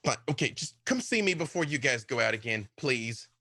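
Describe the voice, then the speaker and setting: A man's voice: medium pitch, sing-song, a little fast, pushed and bright, dry recording, clean studio sound, full character voice. A man voicing a fussing, motherly older woman in a tabletop game, scolding and doting on her daughter.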